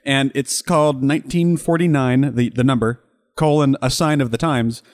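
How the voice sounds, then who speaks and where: A man's voice: medium pitch, fairly even intonation. A man co-hosting a casual film commentary, joking and drifting into technical tangents. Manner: quick, joking, tangents into visual effects talk. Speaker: podcast co-host.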